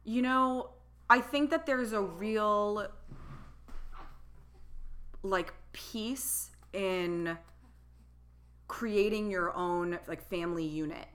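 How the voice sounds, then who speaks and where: A woman in her thirties tells a personal story as a podcast guest, her voice bright and forward. She chats casually and acts out the people she quotes. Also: mid-range voice, drawn-out words, pauses often. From California.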